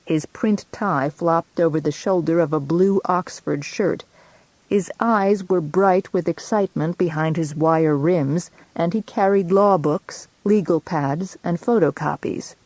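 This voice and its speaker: A woman narrating a first-person audiobook with a low voice, steady and measured. The sound is dry and close, with no room around it. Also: dry recording.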